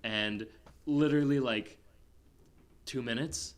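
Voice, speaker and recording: A man in casual podcast chat, reviewing a film in a loose, rambling way. He leans on fillers and restarts, then jumps up in energy when a point excites him. His pitch sits in the middle for a man. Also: takes it slowly. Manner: rambling, heavy filler "like", animated bursts. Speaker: podcast co-host.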